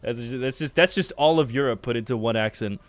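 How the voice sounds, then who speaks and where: A man's voice: medium pitch, fairly quick. A young adult man telling stories in casual chat, joking and crude, loose and rambling. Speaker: video editor and co-host.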